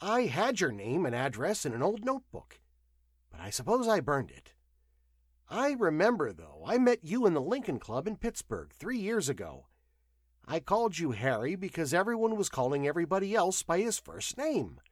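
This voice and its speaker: A cheerful, talkative traveling salesman in a storybook, as a man reads him. He rattles on heartily in a lively, bouncing voice. The sound is dry and close. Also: a little high, moderate pace, no echo, pitched above the performer's own voice.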